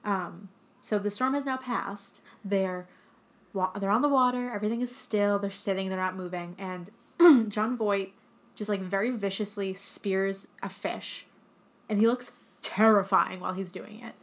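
A woman's voice: mid-range voice, a little slow. A young woman co-hosting a podcast, recapping a film in casual, sarcastic chat full of "like". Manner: chatty, sarcastic, full of 'like' and acted-out quotes. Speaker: podcast co-host.

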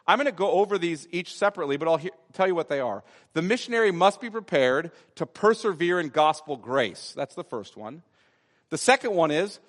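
A male pastor preaching an expository sermon, stressing key phrases by repeating them and slowing down on important words. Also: high-pitched, a bit bright, big-room sound. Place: church sanctuary.

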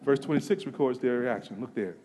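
A man preaching a sermon, swinging from hushed passages to emphatic, near-shouted climaxes. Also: medium pitch, a little fast, slight background noise. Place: church sanctuary. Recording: long reverb of a large hall.

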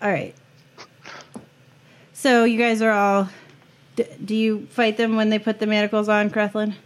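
A woman running a tabletop game as game master, speaking in a halting way with many fillers. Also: mid-range voice, little pitch movement.

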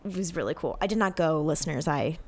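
A woman's voice: low-pitched, expressive, fairly quick. A woman in her thirties co-hosting a podcast, chatting and gushing with lots of ums and likes. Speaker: podcast co-host. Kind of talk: casual chat.

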